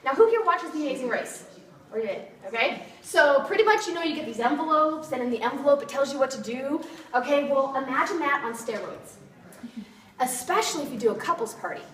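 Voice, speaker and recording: High-pitched woman, bubbly sales demo, echoey room, recorded from far off. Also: animated, fairly quick. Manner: bubbly, laughing, asks the audience questions. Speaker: kitchenware party consultant. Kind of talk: lively sales demo to a group. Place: meeting room with an audience.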